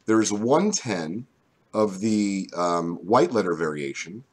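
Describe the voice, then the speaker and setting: A man coming down with a cold, his voice gone deep, chatting casually on a live stream as a co-host. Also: animated, slow pace. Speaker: card break co-host.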